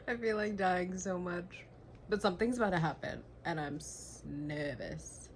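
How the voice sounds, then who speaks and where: A young woman vlogging her reactions to a book she is reading, excitable and gushing, swearing freely and now and then dropping to a whisper. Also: on the low side, normal speed, slight background noise. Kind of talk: casual reading vlog reactions.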